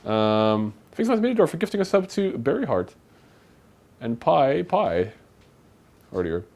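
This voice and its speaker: A man's voice: mid-range voice, very animated, unhurried, darkish tone. A man co-hosting a live stream from a home kitchen, chatting casually while he cooks and thanks viewers for donations. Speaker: streamer co-host.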